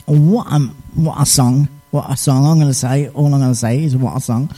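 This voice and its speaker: A man's voice: fairly high pitch, animated, a little fast, warm tone, slightly rough, distant mic. A man presenting a request show on the radio, chatting casually in a rambling, self-amused way with many fillers.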